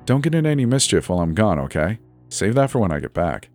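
A man with a low voice plays an easygoing, reassuring young husband in a spoken horror story. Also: very animated, fast talker, a little mellow, soft background music. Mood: teasing.

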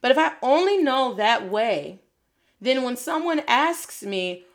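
Animated woman teaching Spanish phrases. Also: high-pitched, takes it slowly. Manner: animated, switches between English and Spanish, repeats phrases for drill. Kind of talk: energetic video lesson. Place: Detroit.

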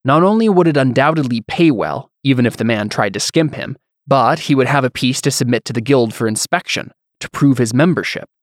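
Brief: measured male fiction narrator, mid pitch, dry booth. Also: lively intonation, dry recording. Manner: measured storyteller reading.

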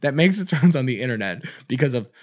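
A man's voice: mid-range voice, lively intonation, quick pace. A man with a Chicago accent co-hosting a comedy podcast, rambling through a story and laughing as he talks. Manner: rambling, laughs mid-sentence, does mock quotes. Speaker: podcast co-host. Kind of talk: casual comedic chat.

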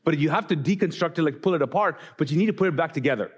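A man's voice: a little high, animated, very fast, breathy edge. A male pastor in his forties giving a casual, conversational sermon, telling stories with lots of fillers and restarts.

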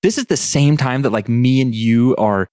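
A man's voice: medium pitch, normal speed, dark tone, clean tone, no room sound, studio quality. A man co-hosting a podcast in casual chat, chiming in with teasing jokes. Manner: teasing, joking asides. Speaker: podcast co-host.

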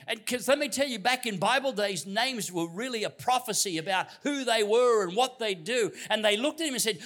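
A middle-aged Australian man from Queensland preaching a sermon as a guest pastor, telling stories with humor and dropping to hushed tones. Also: very high-pitched, animated, moderate pace, few pauses. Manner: storytelling with humor, dynamic swings from loud to hushed. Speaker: visiting pastor.

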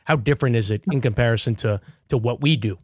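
A man hosting a podcast, a multi-sport official, asking relaxed conversational questions. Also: medium pitch, fast, no echo, clean studio sound. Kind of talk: casual interview questions.

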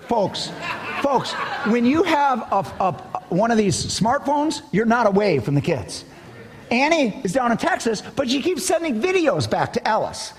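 Animated older male pastor preaching. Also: sits high, a little slow, husky. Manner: animated storytelling, emphatic bursts. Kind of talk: sermon. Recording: long hall reverb.

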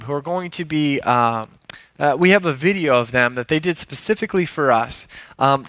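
Bright-voiced man preaching. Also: mid-range voice, no room sound. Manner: earnest, measured delivery with fillers. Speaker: church teacher introducing a video. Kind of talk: sermon.

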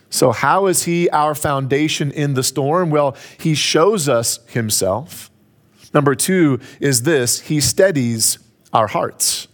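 A man's voice: a little high, a bit bright. A man preaching a sermon, emphatic and building to raised peaks, repeating key phrases for effect. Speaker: pastor.

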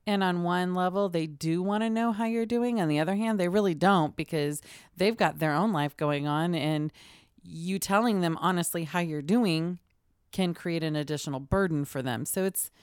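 Low-voiced woman in casual chat. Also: normal speed, a little mellow, clean tone, no echo, studio quality. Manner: thoughtful, conversational.

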